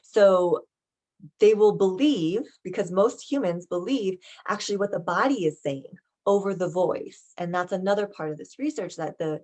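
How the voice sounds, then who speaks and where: Young woman, lowish voice, relaxed somatic teacher who keeps asking "right?". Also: moderate pace. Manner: conversational, frequent "right?" and "okay?" check-ins. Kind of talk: casual teaching monologue.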